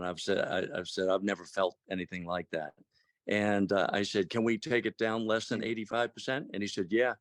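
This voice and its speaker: A man in his sixties giving a casual testimonial on a call, halting with many fillers and restarts. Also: lowish voice, dry recording, studio quality. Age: 60s.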